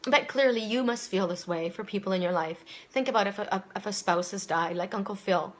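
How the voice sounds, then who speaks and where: A woman's voice: mid-range voice, brisk. A woman giving a casual, rambling spoken oracle reading, repeating her words and near tears at times. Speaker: psychic reader. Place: home, seated.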